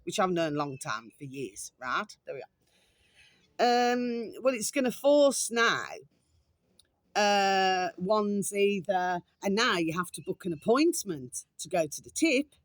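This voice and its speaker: A woman's voice: mid-range voice, lively intonation, slow pace, no echo. Ranting woman vlogger. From England. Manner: chatty, repetitive, ranting, calls viewers "my delicious little babies". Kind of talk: casual ranting monologue to camera.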